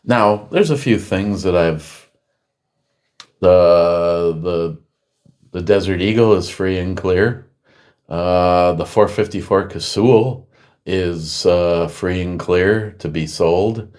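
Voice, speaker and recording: A middle-aged man with a fairly low voice holds forth on a casual talk show. He rambles through long anecdotes and throws himself into quoting others, his voice jumping up as he plays out each exchange. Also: takes it slowly. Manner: rambling storyteller acting out quotes loudly. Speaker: podcast host. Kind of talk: casual chat.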